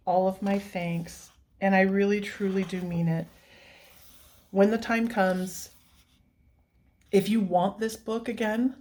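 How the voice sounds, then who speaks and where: A woman hosts her coloring channel in a casual, heartfelt chat. She gushes and laughs often and sounds teary and emotional. Her voice sits at an ordinary middle pitch. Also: darkish tone.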